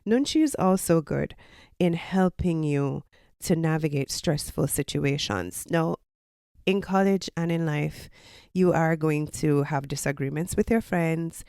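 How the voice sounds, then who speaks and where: Woman, Jamaican accent, deep voice, dry close sound, teacherly explaining. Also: unhurried, a little mellow, clean tone, no echo. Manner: explanatory, teacherly, with personal anecdotes. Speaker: podcast host and college lecturer. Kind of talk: casual advice talk.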